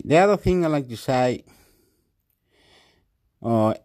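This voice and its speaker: A man's voice: medium pitch, animated, measured pace, pauses often, a little mellow. A man from Chile talking in a rambling, casual vlog monologue, jumping between topics, swearing and mixing in Spanish phrases. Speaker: vlogger.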